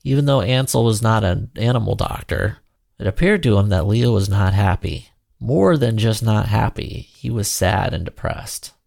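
A man narrating a children's storybook in an expressive, animated reading. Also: on the low side, normal speed, vocal fry, no echo, clean studio sound.

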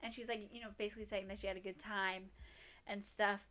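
A woman's voice: mid-range voice, flat delivery, fairly quick, bright, forceful tone. A woman in casual chat, retelling a drama plot in a rambling way full of fillers and acted quotes. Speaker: co-host recapping a drama.

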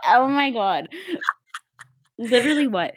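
A young woman from South Dakota co-hosting a podcast, chatting casually and telling animated stories that often break into laughter. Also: a little high, unhurried. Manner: giggly, animated storytelling with quoted voices. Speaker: podcast co-host. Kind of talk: casual chat.

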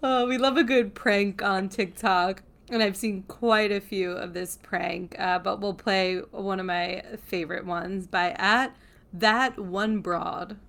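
A woman's voice: medium pitch, fairly even intonation, takes it slowly, fairly bright tone. A woman co-hosting a casual chat show, amused and laughing easily. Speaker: podcast co-host.

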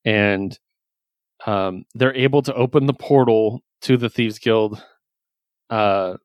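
Recapping comic books on his casual podcast, a host chats loosely and enthusiastically, swearing now and then. His pitch is fairly low and his pace slow, with no room sound.

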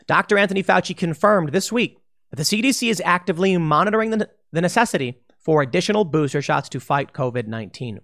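A man with a slightly higher-than-usual voice gives opinionated commentary. He reads news aloud and breaks off to mock it, speaking emphatically and sarcastically, straight at the listener. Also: a bit bright. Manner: sarcastic, emphatic, talks to the viewer directly. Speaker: political commentary host. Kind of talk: opinionated commentary while reading articles aloud.

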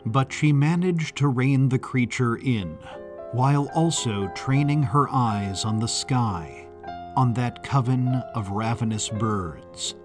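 Male narrator, unhurried and deliberate, mid-pitched, faint music underneath. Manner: measured, deliberate storytelling. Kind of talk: scripted narration.

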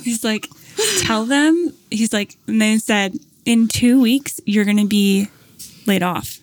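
A woman's voice: mid-range voice, slow, no room sound. A woman in casual conversation, telling a long anecdote, acting out what people said, with plenty of fillers. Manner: animated storyteller, acts out quotes, many fillers. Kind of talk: casual storytelling chat.

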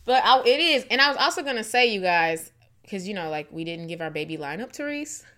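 A young woman co-hosting a casual chat show, talking in a playful, animated way with quick asides. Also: medium pitch. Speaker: podcast co-host.

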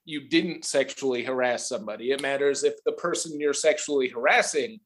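A man's voice: mid-range voice, a little fast, a bit bright, a little hiss or hum. A man hosting a political podcast, talking casually and sarcastically, often mimicking others in exaggerated voices. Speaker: podcast host.

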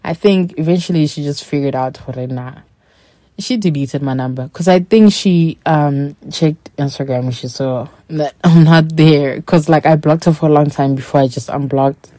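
A woman with a low, mellow voice tells a personal story in a relaxed, candid monologue. She speaks straight to her listeners. The sound is dry and close. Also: normal speed, no echo. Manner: candid, chatty, acts out quoted dialogue; addresses listeners directly. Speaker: podcast host.

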